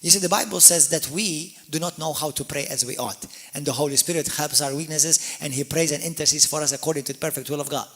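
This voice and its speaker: Man preaching with bright emphasis. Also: on the high side, fast talker, hardly any pauses. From Malta. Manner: emphatic preaching, swings from quiet to loud, frequent hallelujahs and amens. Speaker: pastor. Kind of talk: sermon.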